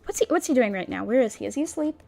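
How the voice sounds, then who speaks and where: A woman's voice: a little high, animated, very fast, gravelly, darkish tone. A woman streamer chatting casually with her viewers in a bubbly, cutesy, rambling way. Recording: faint background music.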